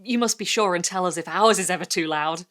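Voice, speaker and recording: A woman's voice: lowish voice, a little fast, a bit bright, natural voice. A woman voicing a timid suburban mother who is nervously polite and eager to agree.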